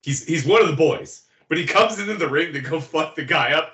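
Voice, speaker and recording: A man's voice: on the high side, expressive, fairly quick, sharp tone, reverberant. A man co-hosting a podcast in amused, casual chat. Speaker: podcast co-host.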